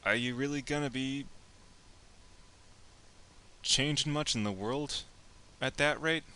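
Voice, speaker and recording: Bright-voiced man giving a playful lecture. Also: medium pitch, takes it slowly, smooth. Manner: playful, joking asides, acts out imagined speakers. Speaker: teacher. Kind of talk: casual classroom lecture.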